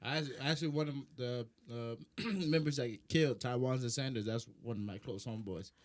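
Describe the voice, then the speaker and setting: A man's voice: medium pitch, brisk. A young man from Charleston with a South Carolina accent, a podcast guest in laid-back, slangy casual chat. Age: young adult.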